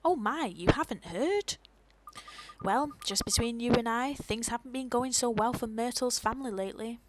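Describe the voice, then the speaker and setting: A woman's voice: a little high, moderate pace, close to an everyday voice, poor audio. A woman playing a gossiping old neighbor lady. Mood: gossipy. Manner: fussing, chatty and sympathetic.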